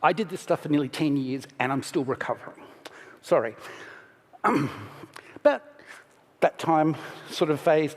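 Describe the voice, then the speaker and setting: A middle-aged man giving a casual, candid conference talk on stage, restarting his sentences and pausing to steady himself. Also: on the high side. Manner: casual and candid, self-interrupting, emotional at moments. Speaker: conference speaker. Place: large conference hall. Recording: hall reverb from stage.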